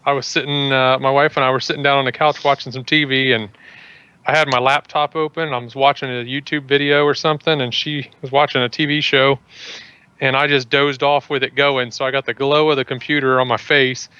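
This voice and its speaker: A man's voice: mid-range voice, little pitch movement, a little fast, sharp tone, smooth, dull audio. A man chatting on a casual podcast, easygoing and laughing often.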